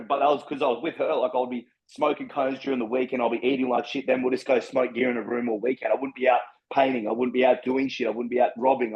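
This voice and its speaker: A man's voice: medium pitch, muffled recording. A man with an Australian accent telling his life story as a podcast guest, in a rambling, frank and heavily profane way. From Brisbane, Australia. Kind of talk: candid personal storytelling.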